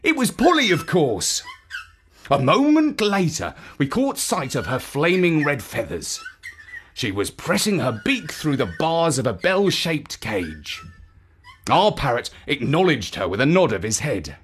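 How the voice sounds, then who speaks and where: A woman reading a children's story aloud in an expressive storytelling manner. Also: low voice, unhurried, a little hiss or hum.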